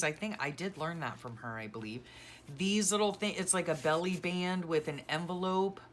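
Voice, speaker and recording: A middle-aged woman vlogger, low-pitched, chats casually and sentimentally as she sorts her craft keepsakes, gushing and rambling throughout this decluttering session. A little hiss or hum is audible.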